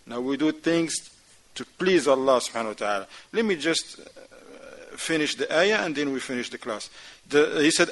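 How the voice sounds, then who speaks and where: Male mosque teacher, lively, plays out scenes while he teaches, fairly high pitch. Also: normal speed, low-quality recording. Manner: animated, acts out dialogue, non-standard grammar. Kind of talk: lecture class.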